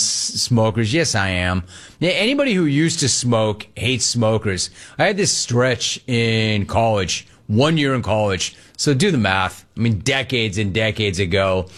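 An older man hosts a call-in radio show and rants with comic exasperation. His pitch swings widely as he mocks people, and he keeps the talk loose and conversational. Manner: animated rant with mocking voices. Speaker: sports radio host.

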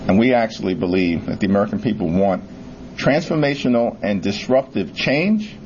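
A man speaking at a news conference in a firm, deliberate political delivery. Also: on the low side, expressive, a little mellow, highs cut off, slight background noise.

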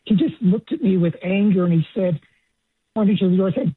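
A man's voice: sits high, fairly quick, slightly rough, no echo. A man calling in to a radio talk show, earnest and telling a dry joke. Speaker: caller. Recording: phone line.

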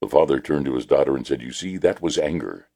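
A male radio host reading station news and telling a joke with animated character voices. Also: a bass voice, quick pace, creaky.

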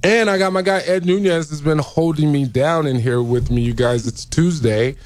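A man hosting a sports radio show in a relaxed, joking manner, his voice hoarse from yelling. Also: on the high side, moderate pace. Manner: laid-back, laughs easily. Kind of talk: casual sports radio chat. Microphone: studio mic.

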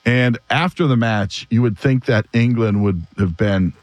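A man hosting a sports radio show, talking in a casual, animated way and laughing often. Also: medium pitch, unhurried, dry recording.

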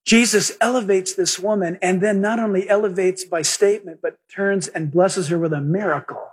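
A male pastor with a high, husky voice delivers an animated sermon. He slips into little acted voices for the people in his stories. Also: moderate pace. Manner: animated preaching, acting out quoted voices.

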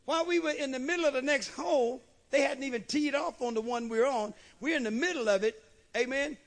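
High-voiced preacher full of amens. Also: male voice, brisk. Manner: emphatic, with frequent amens and storytelling asides. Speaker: bishop and preacher. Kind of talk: sermon.

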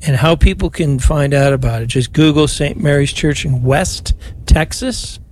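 Older guy priest on radio, fairly high voice, folksy jokey, leading the rosary. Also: normal speed, slight background noise. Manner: warm, folksy, joking with callers. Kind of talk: leading prayer and taking calls.

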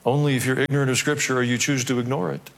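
Pastor guy giving a sermon, chatty and wry, reads the verses slow, sounds like a big echoey church. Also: medium pitch, level tone. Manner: conversational preaching with wry asides; reads scripture aloud in slower measured tones.

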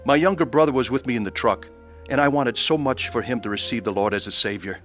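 A man's voice: medium pitch, fast, a bit bright, soft background music. A man giving an earnest, scripted testimony about his faith, with acted scenes. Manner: earnest, pleading. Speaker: testimony narrator.

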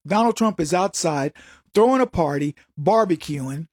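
A man's voice: fairly high pitch, expressive, normal speed, no room sound, clean studio sound. A man hosting a solo political commentary show, talking in a mocking, jokey way. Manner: mocking, jokey, acts out voices with laughs.

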